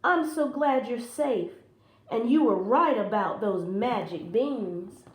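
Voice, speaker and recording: A loving storybook mother with a soft, gentle voice, as a woman reading aloud plays her. She speaks somewhat high and tender. There is a roomy echo around her. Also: lively intonation, slow pace, slight background noise. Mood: relieved. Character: warm, relieved mother of a boy.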